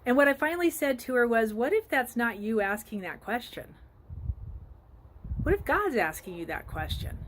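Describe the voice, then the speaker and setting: A woman's voice: a little high, a little hiss or hum. Earnest woman coaching outdoors. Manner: earnest, conversational, with frequent ums. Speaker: life coach. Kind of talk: casual motivational vlog. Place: outdoors by a flowering tree.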